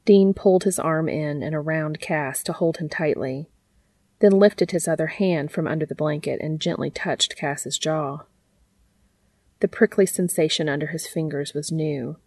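Low-voiced woman reading fiction softly. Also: dry recording.

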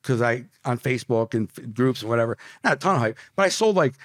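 A man's voice: mid-range voice, expressive, fast, fairly bright tone. A man recounts his life as a podcast guest. His storytelling is emotional and vivid, peppered with street slang. The recording is close and dry, with no room echo. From Detroit, USA. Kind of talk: casual storytelling in an interview.

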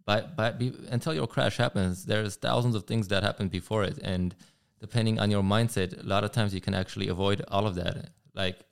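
A man's voice: lowish voice, fairly even intonation, brisk, creaky, smooth. A man who rides motorcycles, a guest talking casually and thoughtfully, often restarting his sentences. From California. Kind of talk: casual interview talk.

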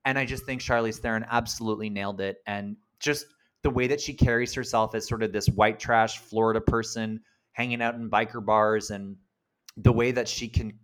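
A man co-hosting a casual film podcast, chatty and animated, quick to laugh and act out quotes. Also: fairly low pitch. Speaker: podcast co-host.

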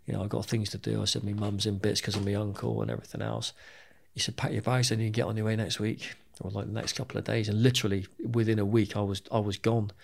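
A British man who was once a soldier tells his own story to an interviewer. His voice is gravelly with a rough, fry-laden edge. He speaks frankly, swears freely and often repeats himself mid-sentence. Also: lowish voice, flat delivery, fast talker, few pauses. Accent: British English. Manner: candid and plain-spoken, swears freely, repeats words as he goes. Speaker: interview guest, former soldier.

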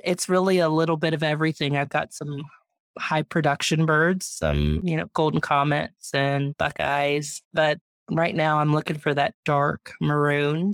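A woman in her thirties, a guest, chatting proudly and warmly about her homestead and her family. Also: deep voice, no room sound, clean studio sound. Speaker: guest, urban homesteader and mom. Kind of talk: casual interview chat.

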